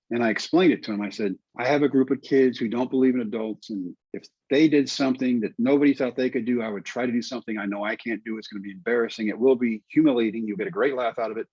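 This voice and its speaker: A man's voice: mid-range voice, breathy edge, no room sound. A middle-aged man from Texas telling a personal story in conversation, acting out the lines of the people in it. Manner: animated storyteller acting out dialogue. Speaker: guest storyteller. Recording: dull dry recording.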